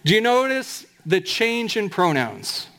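Male pastor with a high voice, emphatic sermon delivery that slows to stress scripture. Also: sing-song, creaky, fairly bright tone. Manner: emphatic preaching with slowed, drawn-out scripture quotes.

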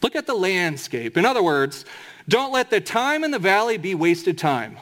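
High-voiced man preaching a sermon. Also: very animated, fairly bright tone. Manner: emphatic preaching with slowed, drawn-out scripture quotes. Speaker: pastor.

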